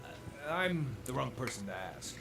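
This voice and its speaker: An actor playing a friendly, curious wandering druid with an eye patch in a video game, speaking in a measured, thoughtful way. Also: male voice, medium pitch, animated, creaky, fairly bright tone. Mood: calm. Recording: game voice with roomy echo over music. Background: game music.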